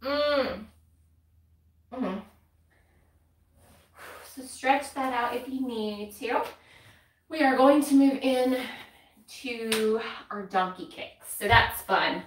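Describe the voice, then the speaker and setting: A woman with a North Carolina accent talks through her workout in an unhurried way, counting reps and sighing between sets. She sounds slightly out of breath and her voice sits a bit high. The mic is some distance away in a roomy space. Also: fairly bright tone. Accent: Southern US, North Carolina. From North Carolina, USA. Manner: chatty, counts reps aloud, laughs and sighs between moves. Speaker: fitness content creator. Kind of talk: casual workout instruction while exercising.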